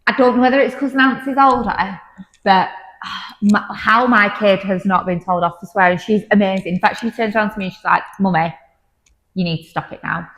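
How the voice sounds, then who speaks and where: A woman co-hosting a podcast, chatting casually with quick, wry interjections. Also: mid-range voice, steady tone, fairly bright tone. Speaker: podcast co-host. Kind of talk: casual chat. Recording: room with long reverb.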